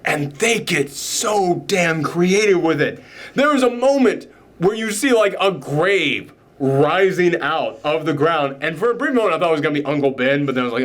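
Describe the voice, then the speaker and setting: A man casually recapping a film scene by scene, rambling with enthusiasm and acting out bits in quick voices. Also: a little high, very animated, fairly bright tone. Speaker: podcast host. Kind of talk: casual movie reaction chat.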